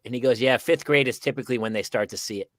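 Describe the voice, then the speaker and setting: A man's voice: medium pitch, very fast, no room sound. An older man hosting a podcast, bantering and telling jokey stories in a casual chat. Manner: jokey, bantering, lively storyteller. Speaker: podcast host.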